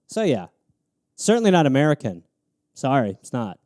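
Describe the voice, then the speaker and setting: A man's voice: medium pitch, normal speed, pauses often, no echo, studio quality. A male comedian hosting a live show, riffing crudely on prompts and jumping into character voices. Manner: animated, crude, jumps into voices.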